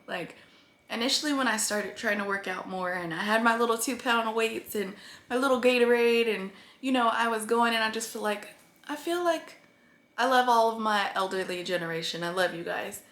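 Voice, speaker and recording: In an echoey room, a woman with a higher-pitched, fairly bright voice talks at a moderate pace about how her weight loss is going. The vlog is earnest and meandering, and at times she becomes tearful as she addresses her viewers.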